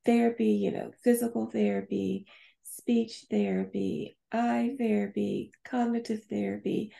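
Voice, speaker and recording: A middle-aged woman speaking as a podcast guest, slow and halting, with frequent restarts and fillers as she recovers her speech after a stroke. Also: medium pitch, steady tone, vocal fry, mellow. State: speech affected by a past stroke. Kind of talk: casual interview chat.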